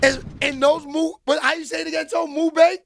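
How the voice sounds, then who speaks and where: A man hosting a casual livestream, loud and joking as he greets viewers by name and reads their comments. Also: extremely high pitch, little pitch movement, brisk, slight background noise. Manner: loud, joking, shouts out chat names. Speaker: livestream host reading chat. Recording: music playing behind.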